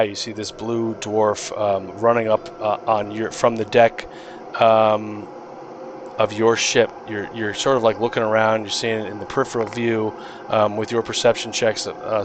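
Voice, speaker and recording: A man's voice: on the low side, flat delivery, moderate pace, slight background noise. A man narrating a tabletop game as dungeon master, rambling with many fillers and restarts. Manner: rambling, lots of fillers and restarts, laughs often.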